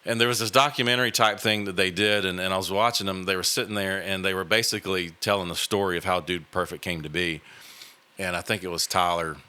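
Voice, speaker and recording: Earnest low-voiced man, halting. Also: steady tone, pushed and bright, smooth, dry recording. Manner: halting, many fillers and restarts, earnest. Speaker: podcast host. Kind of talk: casual conversational storytelling.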